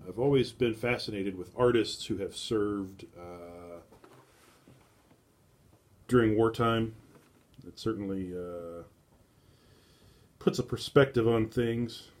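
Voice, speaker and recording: A man's voice: lowish voice, slow, long pauses. Rambling man thinking aloud on stream. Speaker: streamer browsing estate sale listings. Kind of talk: casual live-stream musing.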